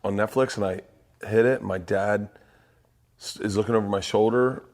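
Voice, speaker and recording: A middle-aged man, a stand-up comedian, telling excited stories in a casual podcast chat. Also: normal speed. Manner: excited, animated storytelling with jumps in pitch.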